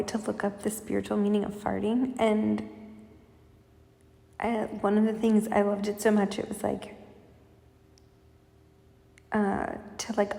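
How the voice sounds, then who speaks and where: A woman giving a casual intuitive spiritual reading, talking in a soft, meandering way with many fillers. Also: mid-range voice, vocal fry. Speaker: spiritual channel reader. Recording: echoey room with long reverb.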